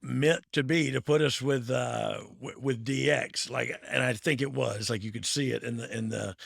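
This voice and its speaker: Gravelly man in his fifties, laid-back host who laughs his way through wrestling stories. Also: medium pitch, steady tone, normal speed, a bit bright, no room sound, studio quality. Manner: laughs often, loose and playful. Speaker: podcast host, former wrestler. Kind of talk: casual storytelling chat.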